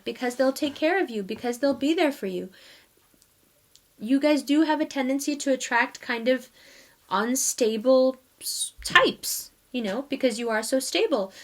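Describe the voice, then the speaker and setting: A woman giving a casual tarot reading, talking straight to her viewers in a chatty way and laughing often. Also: sits high. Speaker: tarot reader.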